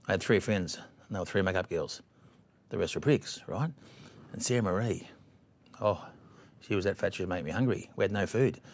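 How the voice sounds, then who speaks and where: A middle-aged Australian man, a guest, telling brash and bawdy anecdotes in chat. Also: fairly low pitch. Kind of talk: storytelling chat.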